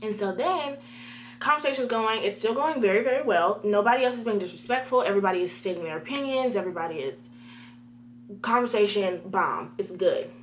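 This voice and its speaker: A young woman telling a story to her viewers in a lively, direct way, with a mid-range voice. A faint hiss sits under her talk. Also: mid-range voice, a little fast. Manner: animated, talks to viewers directly. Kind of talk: storytime vlog.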